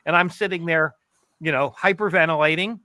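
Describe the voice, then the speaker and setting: Male co-host, jokey, animated storyteller; bright tone, dry mic. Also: fairly high pitch, brisk, no echo. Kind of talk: casual storytelling chat.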